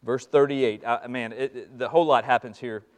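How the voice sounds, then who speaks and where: A man preaching a sermon, moving from hushed, slow passages to loud, fervent ones and repeating phrases for emphasis. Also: mid-range voice, steady tone. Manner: impassioned, swings from hushed to loud. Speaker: pastor.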